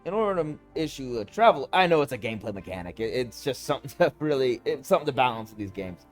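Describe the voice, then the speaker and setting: A man streaming a city-building game, talking casually and mocking the characters and game mechanics in an animated, sarcastic way. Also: mid-range voice, fast talker, faint music behind. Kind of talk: casual let's-play commentary.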